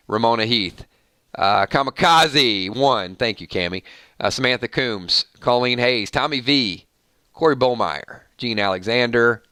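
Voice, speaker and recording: A man's voice: mid-range voice, sharp tone, clear, resonant tone, no echo, studio quality. A man hosting a casual live stream, rattling off long lists of viewer names and thanking each one.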